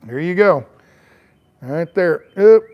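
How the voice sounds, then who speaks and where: A middle-aged man with a smooth, expressive voice on the high side speaks slowly, recorded in lo-fi sound. He's a travel vlogger rambling casually outdoors on his porch, with lots of fillers and restarts.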